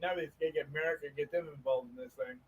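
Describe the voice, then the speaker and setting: A man's voice: on the high side, steady tone, rapid-fire, rough recording. A man co-hosting a casual talk show, mostly giving short agreeing replies. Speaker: co-host. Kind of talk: casual chat.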